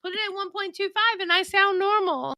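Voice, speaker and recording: A woman's voice: extremely high pitch, a little fast, dry recording, clean studio sound. A woman hosting a livestream, chatting casually with blunt, profane rants. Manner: blunt, profane, animated ranting. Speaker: stream host. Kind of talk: casual stream chat.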